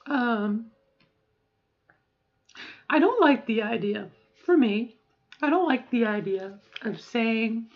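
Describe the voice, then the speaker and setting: A woman's voice: fairly high pitch, lively intonation, slow pace, long pauses, dull audio. A middle-aged woman talking casually in a voice-training vlog, rambling and often checking in with "okay?". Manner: rambling, keeps adding "okay?". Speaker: vlogger.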